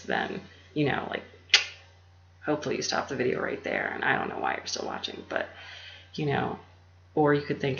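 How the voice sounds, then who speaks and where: A woman hosting her own channel, rambling in a soft, half-whispered, meandering way and laughing often, recorded on a laptop. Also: rumbling low, huge pitch swings, moderate pace, vocal fry, long pauses. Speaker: YouTube channel host. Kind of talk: rambling casual monologue. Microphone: laptop mic. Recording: roomy, dull lo-fi with faint hum.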